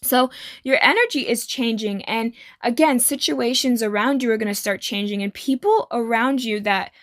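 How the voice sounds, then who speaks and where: A woman's voice: a little high, moderate pace, fairly bright tone, no room sound, clean studio sound. A woman giving a tarot reading to her viewers, reassuring and rambling, with many fillers. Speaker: tarot reader.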